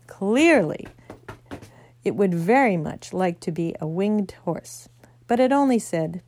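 Woman reading a storybook aloud, mellow. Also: medium pitch, expressive, slow pace, dry recording. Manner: gentle storytelling with small slips. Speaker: narrator. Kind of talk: reading a children's novel aloud.

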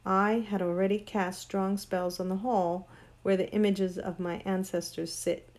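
A woman's voice: medium pitch, level tone, unhurried, a little mellow, natural voice. A woman voicing Queen Jadis, an imperious sorceress queen. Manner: grand, cold, commanding. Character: proud ancient female sorceress queen, imperious. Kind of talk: storybook reading.

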